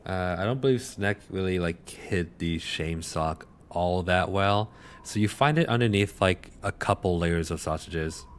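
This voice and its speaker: Deep-voiced man running a tabletop game. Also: measured pace, a little hiss or hum. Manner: relaxed, filler-heavy narration. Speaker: game master.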